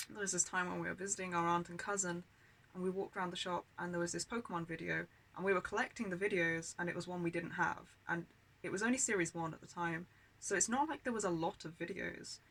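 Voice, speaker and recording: A woman's voice: on the low side, a bit bright, poor audio. A British woman telling childhood memories in a candid, aggrieved way, full of swearing and filler words. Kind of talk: personal storytelling monologue.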